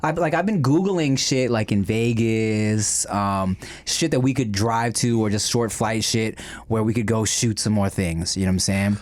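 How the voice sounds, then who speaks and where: A man's voice: lowish voice, moderate pace. A man in his thirties co-hosting a casual food podcast, laid-back and slangy, swearing freely. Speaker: podcast co-host. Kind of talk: casual chat.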